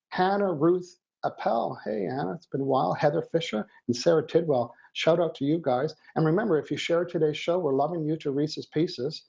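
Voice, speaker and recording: A man's voice: a little high, creaky, a little mellow. A man co-hosting a live online show, chatting and joking while he reads out viewers' names and greetings. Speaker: co-host. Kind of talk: live-stream show chat. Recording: dull lo-fi stream audio.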